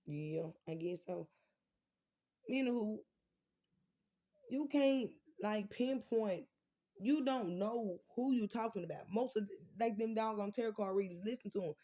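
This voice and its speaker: Speaking from home in an unscripted livestream, a female vlogger chats casually and directly with her viewers. Her medium-pitched, mellow voice moves at a measured pace with long pauses, and she's blunt and profane, rambling from one thought to another.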